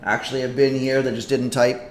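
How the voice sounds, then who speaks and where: A man hosting a live stream in casual commentary, chatty and excitable as he reacts to a game. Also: medium pitch, brisk. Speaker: livestream host. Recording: echoey room with faint noise.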